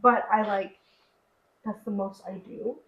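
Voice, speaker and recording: A woman's voice: mid-range voice, fairly even intonation, a little slow, lo-fi sound. A young woman co-hosting a podcast, talking candidly and a bit rambly about her own life, with lots of fillers. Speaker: podcast co-host. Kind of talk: casual conversation. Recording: echoey room.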